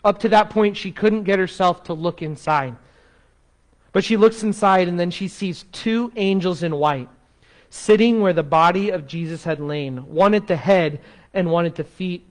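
A man preaching a sermon as pastor, expressive, dropping to a soft slow voice to make a point. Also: sits high.

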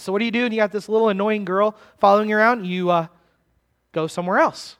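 A man's voice: sits high, fairly even intonation, fast, fairly bright tone. A man preaching a conversational sermon that walks through a text verse by verse and keeps asking his listeners questions. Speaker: pastor. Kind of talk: expository sermon.

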